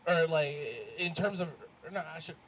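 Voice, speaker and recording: A man doing a stand-up comedy set on a club stage, rambling and animated with lots of fillers. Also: a little high, moderate pace. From Arab American. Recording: live club mic with faint crowd noise.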